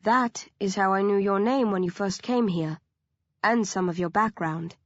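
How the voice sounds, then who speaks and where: Woman doing a gentle formal old doctor, soft-spoken, polite, dry dull recording. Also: mid-range voice, unhurried, no echo, lightly acted. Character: calm polite courteous older male doctor.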